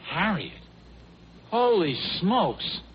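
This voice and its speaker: An actor playing a flustered husband who stammers sheepishly, in 1950s radio sitcom style. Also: male voice, sits high, big pitch swings, drawn-out words, heavily acted. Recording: muffled old radio broadcast with faint hiss.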